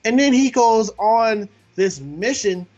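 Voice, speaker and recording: A man's voice: high-pitched, expressive, slow, a little mellow, dull audio. A man co-hosting a casual movie review podcast, laughing often as he retells scenes. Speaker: podcast co-host.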